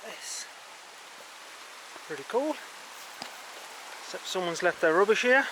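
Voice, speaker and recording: High-voiced jokey man outdoors. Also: lively intonation, a bit bright, low-quality recording. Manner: jokey, chatty, talks to animals. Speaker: vlogger. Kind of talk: casual vlog commentary while hiking. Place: outdoors in the countryside near a stream and waterfall. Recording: outdoor recording with rushing water noise.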